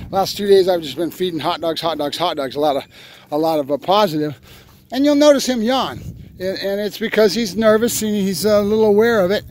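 A man, a dog trainer, explaining his method step by step in a field, now and then breaking into excited praise for his dog. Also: sits high, fairly quick, slight background noise. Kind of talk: outdoor training demonstration. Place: open field outdoors.

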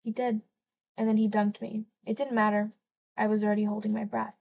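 A woman's voice: medium pitch, little pitch movement, brisk, creaky, highs cut off. A woman narrating a first-person novel as an audiobook, reading expressively and lightly acting out the dialogue.

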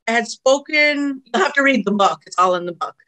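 A woman's voice: fairly high pitch, lively intonation, a little fast, sharp tone. A woman from Canada, a podcast guest speaking in a heartfelt, emotional way in casual conversation.

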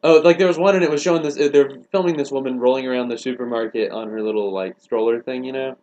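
A man's voice: medium pitch, quick pace, a little mellow, lo-fi sound, a little hiss or hum. A man in casual comedic chat, rambling in a dry, wry way. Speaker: podcast co-host.

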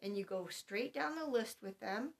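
Calm, methodical middle-aged woman giving advice. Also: fairly high pitch, normal speed, vocal fry. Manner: calm, methodical, spells things out point by point. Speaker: homeschooling mother giving advice. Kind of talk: instructional talk to parents.

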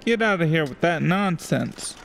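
A man voicing a gruff, dismissive male rat guard in a video game, with a brusque, scoffing delivery. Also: on the high side, lively intonation, moderate pace, faint music behind.

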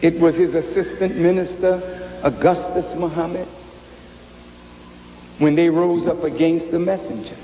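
A male minister giving a measured, solemn address to an audience in a large hall. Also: a little high, fairly even intonation, dark tone, slight background noise. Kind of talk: slow formal address to an audience. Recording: echoey hall with faint ambience.

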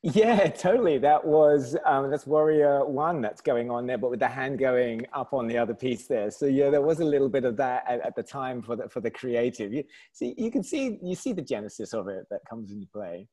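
A chatty man with a southern English accent, talking as an interview guest over a video call. His pitch sits in a normal middle range, and he laughs easily and restarts his sentences as he goes. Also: animated, normal speed, hardly any pauses, warm tone. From south of England. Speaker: company founder, guest. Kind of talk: casual interview chat.

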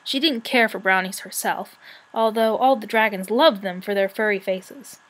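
A woman reading a children's fantasy novel aloud, with expressive storytelling. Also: mid-range voice, moderate pace, poor audio. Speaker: audiobook reader.

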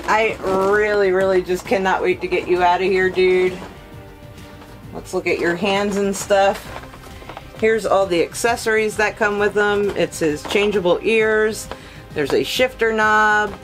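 A woman with a mid-range voice hosts an unboxing video on poor audio. As a collectibles reviewer, she excitedly unpacks a collectible figure, gushing emotionally to her viewers.

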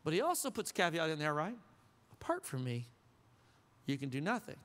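Bright, high-voiced joking pastor. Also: male voice, wildly swooping pitch, fairly quick, big-room sound. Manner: conversational, joking, asks the crowd questions. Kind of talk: sermon. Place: church sanctuary.

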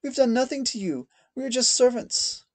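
A man voicing a frightened young female maid with a soft, tremulous voice. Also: extremely high pitch, lively intonation, normal speed, voice pushed up.

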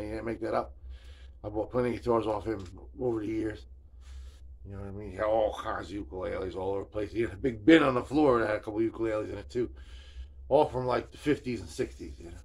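A man's voice: lowish voice, fast talker, a little mellow, husky. A man hosting a casual video journal. He rambles in a laid-back, storytelling way, with slang, swearing and constant "man" and "you know what I'm saying.". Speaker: video host.

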